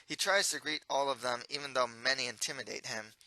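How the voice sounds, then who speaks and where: A man who reads his own novel aloud in a plain, steady voice and promotes his books. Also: medium pitch, brisk, low-quality recording. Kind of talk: storybook reading and promotion.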